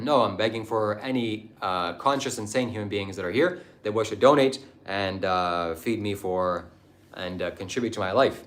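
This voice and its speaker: A man's voice: fairly low pitch, normal speed, fairly bright tone. A man hosting a livestream, answering viewers in a combative, mocking, preachy way. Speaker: livestream host. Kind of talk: livestream talk answering chat.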